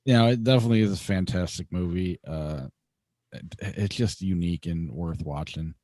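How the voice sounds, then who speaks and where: A laid-back man talking movies on a podcast, sometimes pausing to find his words. His voice is on the low side and sounds dry and close to the mic. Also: a little mellow, no room sound. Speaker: podcast co-host, movie critic. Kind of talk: casual podcast chat.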